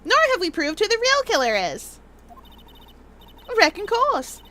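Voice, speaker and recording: Woman game streamer, high lively voice, laughs a lot, bright tone. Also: a little fast, a little hiss or hum. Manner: giggly, animated. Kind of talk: casual gaming commentary.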